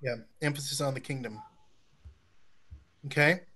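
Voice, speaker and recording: A man's voice: medium pitch, a little slow, very noisy. A man hosting a church forum over a video call, guiding participants in a friendly, coaxing way. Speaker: forum host.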